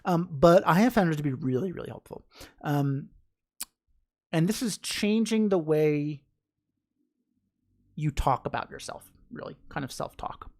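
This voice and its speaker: A woman's voice: sits low, animated, unhurried, pauses often, darkish tone. A woman teaching a meditation class in a casual, chatty way, laughing often and acting out the inner voices of her students.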